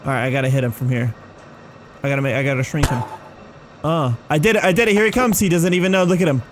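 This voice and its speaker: A man giving excitable let's-play commentary, mocking enemies and yelping and screaming when chased. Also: a little high, fast talker, background noise. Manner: playful, mocks the enemies. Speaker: gaming commentator.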